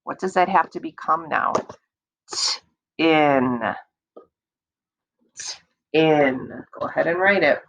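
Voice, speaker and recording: Heard in lo-fi audio, a teacher with a low voice and vocal fry patiently guides young kids through beginning reading. She goes slowly, repeats words and stretches sounds out to cheer them on.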